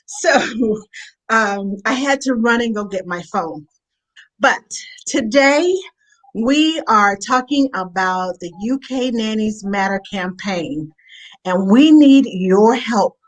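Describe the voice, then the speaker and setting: A woman hosting an online video call show, chatty and quick to laugh. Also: mid-range voice, expressive, fairly bright tone, poor audio. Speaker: host. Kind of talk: casual online chat.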